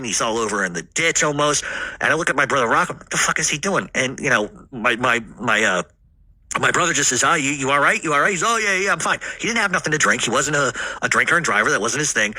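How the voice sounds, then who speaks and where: A man from Rhode Island telling a family story in a loose, rambling way. He swears freely and fills his pauses with "uh". His voice is husky and tense, with a hard, pushing edge. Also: medium pitch, pushed and bright, no room sound. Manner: rambling, heavy swearing, frequent fillers.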